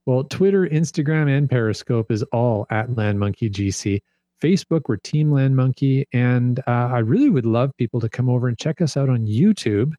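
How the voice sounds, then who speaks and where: Enthusiastic podcast guest, man, mellow warm tone, dry close sound. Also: mid-range voice, expressive, normal speed, no room sound. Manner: upbeat, enthusiastic promoting. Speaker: podcast guest, geocaching video maker. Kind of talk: casual podcast chat.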